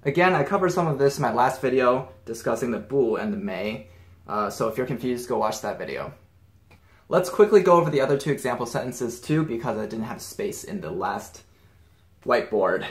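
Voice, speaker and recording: Man, language teacher, relaxed, mid pitch, roomy echo. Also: brisk. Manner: relaxed, explains step by step with examples. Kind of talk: casual grammar lesson.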